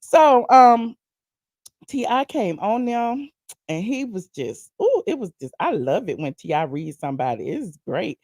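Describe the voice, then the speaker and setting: A woman with an Atlanta accent hosting a gossip show, reacting to clips with excited exclamations. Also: mid-range voice, a little slow, dry recording, studio quality. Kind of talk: casual commentary reacting to clips.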